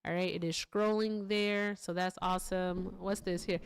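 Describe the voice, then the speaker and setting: A woman hosting a political commentary stream, animated and sarcastic, talking straight to her viewers. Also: on the low side, moderate pace, clean tone, dry recording. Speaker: host.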